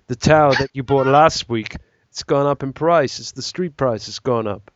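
A drawling street dealer hustling virtual goods, dropping "man" and "dude", as a podcaster puts him on. The voice sits a bit higher than normal, in a vague half-accent. The sound is dry and slightly dull. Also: moderate pace, no room sound, natural voice. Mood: apologetic. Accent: vague put-on accent. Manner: slangy, drawling, calling everyone man and dude.

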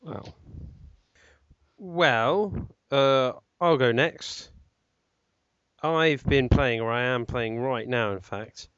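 A man's voice: mid-range voice, very slow, pauses often, fairly bright tone, clear, resonant tone, no room sound. A man co-hosting a podcast, rambling and correcting himself with lots of ums. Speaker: podcast co-host. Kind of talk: casual chat. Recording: dull, slightly lo-fi dry sound.

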